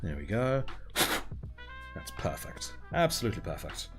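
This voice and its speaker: Man, streamer, casual chatty talk, slightly low pitch, faint music behind. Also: big pitch swings, moderate pace. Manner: chatty, reads out and thanks chat while painting, laughs often. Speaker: livestream host. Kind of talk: casual livestream chat.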